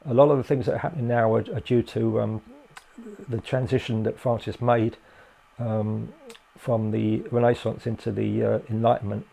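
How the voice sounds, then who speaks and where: A man's voice: fairly low pitch, level tone, normal speed, creaky, mellow. An older man from England, a guest in a casual interview, who rambles and hesitates with many fillers and restarts.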